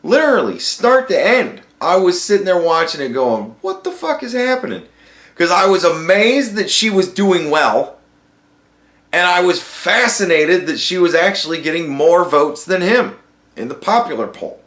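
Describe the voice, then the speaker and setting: Animated, swearing man with roomy echo. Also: high voice, normal speed. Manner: profane, animated storytelling. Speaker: podcast host. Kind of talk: casual ranting monologue.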